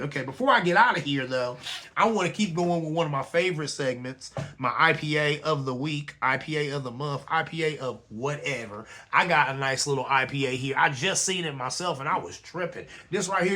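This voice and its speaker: With a bright, forceful voice on the high side, this talk show host rambles through a casual commentary monologue. He keeps it loose and conversational, frequently tossing in "you know what I'm saying?"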